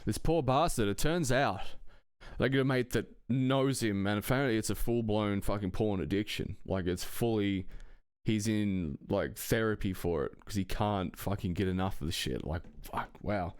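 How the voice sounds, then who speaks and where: A man's voice: on the low side, normal speed, a little mellow, smooth, dry recording, clean studio sound. A man telling a personal anecdote in a casual, rambling way, swearing often and chuckling between phrases. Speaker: storyteller.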